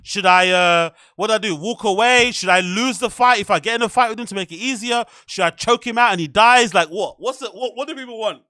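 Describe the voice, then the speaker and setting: A young man with a high, bright voice talks through a loose, rambling podcast chat, packed with fillers and swearing. The sound is dry and close, with no room around it. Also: brisk, hardly any pauses, dry recording. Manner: rambling, animated, swears a lot, filler-heavy. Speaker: podcast host. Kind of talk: casual chat.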